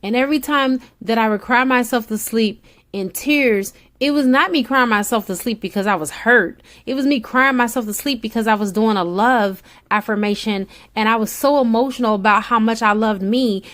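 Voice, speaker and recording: A woman's voice: fairly high pitch, normal speed, a bit bright. A woman tarot reader speaking straight to the listener in a soothing spiritual pep talk, repeating her encouragements.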